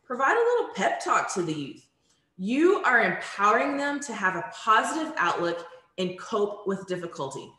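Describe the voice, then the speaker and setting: A woman's voice: medium pitch, big pitch swings, moderate pace, pushed and bright. A woman leading a virtual conference training session from home, talking in a friendly, conversational way with frequent ums. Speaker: workshop facilitator. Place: home room. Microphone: video call. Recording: echoey room.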